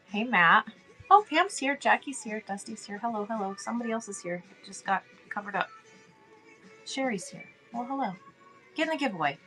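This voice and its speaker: Woman, middle-aged, chatty stream host, bright voice, soft music behind. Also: on the low side. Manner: chatty, friendly, reads chat aloud, laughs often. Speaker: livestream host. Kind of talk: casual livestream chat.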